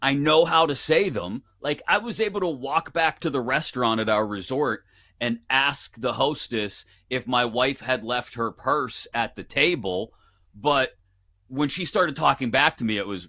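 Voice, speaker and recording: A man with a Pittsburgh accent and a bright, forceful voice, chatting and telling playful stories as a radio guest. The sound is dry and close, with no room echo. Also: mid-range voice, a little slow. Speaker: guest sports betting analyst. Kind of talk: casual radio chat.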